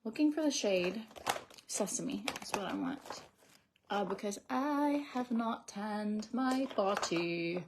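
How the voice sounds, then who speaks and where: A woman's voice: medium pitch, lively intonation, slow pace, background noise. A woman in her thirties doing her makeup on a livestream, chatting in a rambling, casual way and often dropping to a near whisper. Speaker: beauty vlogger. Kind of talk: casual get-ready-with-me livestream chat.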